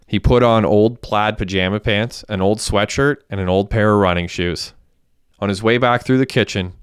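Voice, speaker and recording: A man giving a steady, even audiobook narration on a close mic. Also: on the low side, smooth, no echo. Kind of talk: scripted narration.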